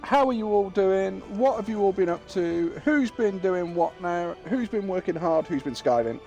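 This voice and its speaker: A man's voice: high voice, expressive, normal speed, creaky, a little mellow, lo-fi sound, soft background music. A man, chatting casually and joking with viewers while streaming a game. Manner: chatty, jokey, talks to his viewers. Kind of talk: casual live-stream chat.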